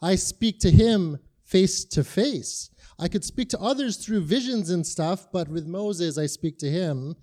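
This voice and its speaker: A man voicing God in a sermon, speaking slowly and deliberately with calm authority. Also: high voice. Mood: solemn.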